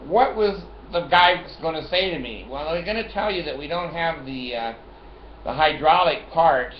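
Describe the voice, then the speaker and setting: A man's voice: a little high, normal speed, echoey room, highs cut off, a little hiss or hum. Brash, profane older man telling a story. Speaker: vlogger. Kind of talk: rambling storytelling. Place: home, sitting on a couch.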